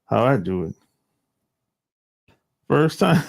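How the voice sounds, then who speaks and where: A man's voice: mid-range voice, very animated, slow, vocal fry. A man hosting a livestream, chatting casually with viewers in a rambling, profane way and laughing often. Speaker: livestream host.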